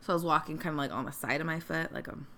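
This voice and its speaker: Casting: young woman, podcast co-host, bright clear tone, chatty storyteller voicing quotes. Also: sits low, racing. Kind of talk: casual chat. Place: Northern California.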